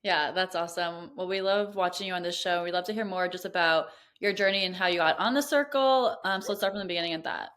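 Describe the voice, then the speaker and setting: Lower-voiced female podcast co-host. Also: quick pace, few pauses, a bit bright. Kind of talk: casual interview chat.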